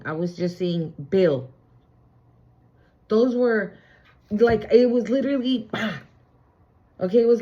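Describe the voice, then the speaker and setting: A woman's voice: a little high, warm tone, lo-fi sound. Chatty woman giving a spiritual reading. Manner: chatty, emphatic, slangy with repeated fillers. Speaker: spiritual reader. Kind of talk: casual tarot-style channeled reading.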